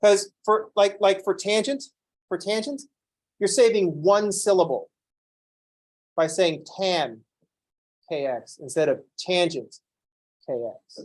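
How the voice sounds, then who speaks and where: A man teaching a calculus class who lectures in an animated, playfully ranting way. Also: sits high, slow pace, pauses often. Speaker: calculus instructor.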